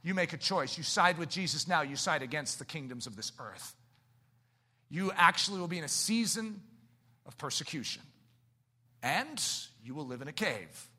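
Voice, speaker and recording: A man preaching a sermon, swinging from hushed, low passages to shouted climaxes and pressing the listeners with rhetorical questions. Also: expressive, normal speed.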